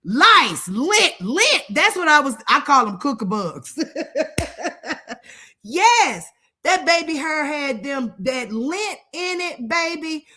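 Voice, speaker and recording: A middle-aged woman with a high, bright, forceful voice gives casual live-stream commentary at a slow, drawn-out pace. She is blunt and profane, laughs often and answers her viewers' comments as she goes. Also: very animated.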